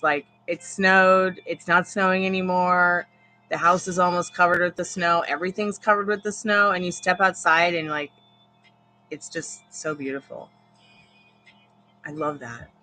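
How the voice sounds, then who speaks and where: A woman in her thirties hosts a live tarot stream, with a bright, sharp voice. She rambles through personal stories in casual chat and calls out to spirits. Faint music plays behind her. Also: fairly low pitch, rough recording. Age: 30s. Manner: rambling storyteller who talks to spirits.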